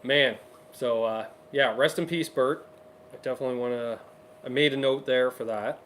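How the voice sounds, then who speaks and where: A man in the middle of his range, talking casually on a guitar livestream. He reads viewer comments with quick, upbeat asides. A faint hiss runs under the voice. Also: medium pitch, a bit bright. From Canada. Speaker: co-host of a livestream guitar show.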